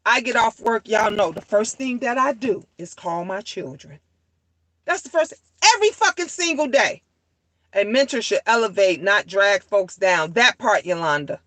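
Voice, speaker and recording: A woman in her thirties telling a family story as a profane, animated rant, repeating lines for emphasis. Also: medium pitch, moderate pace, no echo.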